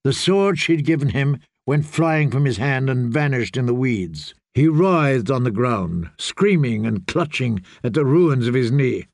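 Slow, gravelly male storyteller. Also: medium pitch, animated, dry recording, studio quality. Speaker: audiobook narrator. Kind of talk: scripted narration.

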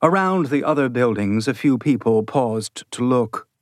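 A man narrates an audiobook in a measured, steady storyteller's voice. His pitch sits in the middle of the range. The recording is close and dry with no room sound. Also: dry recording. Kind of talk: scripted narration.

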